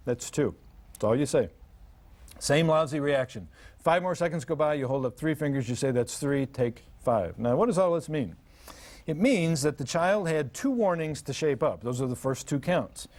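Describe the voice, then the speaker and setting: A man's voice: a little high, expressive, moderate pace, a little mellow. An older man giving a live parenting seminar to an audience, telling humorous stories and acting out parents and children. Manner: humorous, storytelling, acts out parents and kids.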